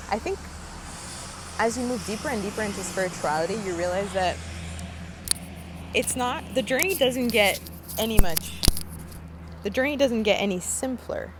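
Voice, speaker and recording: A woman's voice: medium pitch, a little hiss or hum. A young woman musing earnestly outdoors in a park, talking casually about spiritual growth with many fillers. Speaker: spiritual vlogger. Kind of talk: casual reflective monologue.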